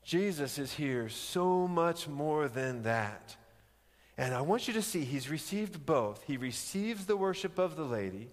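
Guy preaching a sermon, kinda high voice, lively storytelling with lots of restarts, big hall echo. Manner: animated storytelling, acting out quoted lines with rising pitch; frequent restarts, slows down for emphasis. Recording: long reverb of a large hall.

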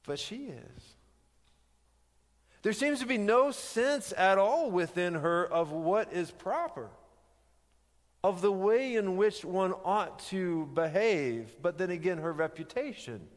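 Male preacher, slightly raised pitch, unhurried emphatic teaching, long hall reverb. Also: lively intonation. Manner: conversational teaching, rhetorical questions, emphatic. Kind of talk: sermon.

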